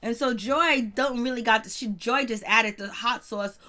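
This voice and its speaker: A woman talks through a reality show episode in a loose, chatty way. She laughs often and throws in little exclamations. Her voice sits a bit high. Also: normal speed, bright, forceful tone. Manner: chatty, laughing, exclaims "Lord have mercy". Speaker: show recap reviewer. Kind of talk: casual TV episode recap.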